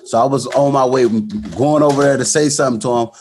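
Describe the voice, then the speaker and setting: A man's voice: medium pitch, fairly even intonation, fast, a little mellow, a little hiss or hum. A man, a boxer as guest, telling a fight story in casual interview talk with many restarts and fillers. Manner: many restarts, storytelling, fillers like "you know what I'm saying".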